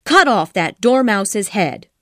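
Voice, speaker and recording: A woman reading an audiobook voices a furious storybook queen, yelling imperious orders in a raised voice. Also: mid-range voice, lively intonation, takes it slowly, no echo, studio quality. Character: shrill furious queen of a fairy tale.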